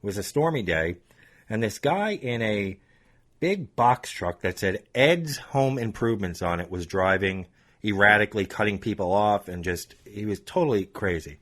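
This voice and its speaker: Podcast host, man from Long Island; low voice, very lively intonation, casual story chat. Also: moderate pace. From Long Island, New York. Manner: animated, laughs often, acts out phone dialogue.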